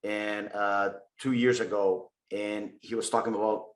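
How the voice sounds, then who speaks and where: A man's voice: on the low side, little pitch movement. A middle-aged man, speaking as a company chief in a conversational interview. He stumbles through restarts and fillers. The sound has an echoey, roomy feel. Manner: halting, many restarts and fillers. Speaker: CEO and spotlight speaker.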